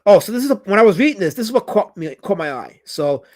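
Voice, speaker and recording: A man's voice: sits high, big pitch swings, fast, darkish tone. A man hosting a casual livestream, reading out chat comments and rambling with many restarts and fillers.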